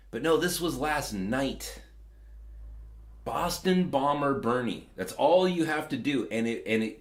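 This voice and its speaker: A man's voice: medium pitch, echoey room. A man hosting a podcast, giving casual political commentary in a rambling, sarcastic way with lots of fillers. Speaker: podcast host.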